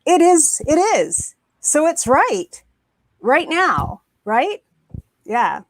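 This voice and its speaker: A woman's voice: high-pitched, big pitch swings, extremely slow, no room sound. A woman on a panel, talking with emphasis and repeating words for stress, heard over a video call. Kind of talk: animated panel discussion.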